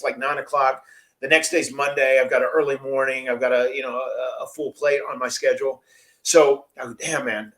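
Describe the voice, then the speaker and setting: Podcast host, man, rambling casual storyteller, mid pitch. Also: a bit bright. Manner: chatty, rambling, laughs often.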